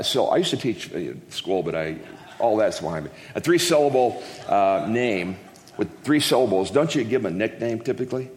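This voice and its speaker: A man preaching a casual, joking sermon to a congregation, rambling and interrupting himself with folksy asides. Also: fairly low pitch. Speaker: guest preacher. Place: church hall. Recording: echoey hall, long reverb.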